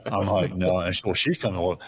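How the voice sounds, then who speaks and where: A man telling a hunting story in a casual interview, animated and profane, acting out the voices of the people in it. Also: low-pitched, fast, crowd noise. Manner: animated, profane, acts out dialogue in his stories. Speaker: guest.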